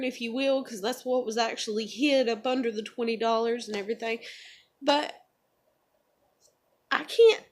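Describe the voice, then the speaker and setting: In a confessional vlog, a woman speaks emotionally and rambles, filling her talk with lots of fillers. Her voice sits high and has a fairly bright tone.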